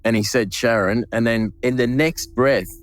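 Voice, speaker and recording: An Australian butcher recounting a late coworker in an emotional interview, with halting restarts and acted-out dialogue. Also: male voice, mid-range voice, fairly even intonation. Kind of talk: interview recollection.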